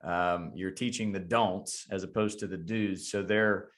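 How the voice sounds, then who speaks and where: Lower-voiced man musing on a podcast. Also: steady tone, unhurried. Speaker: podcast co-host. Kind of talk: casual podcast chat.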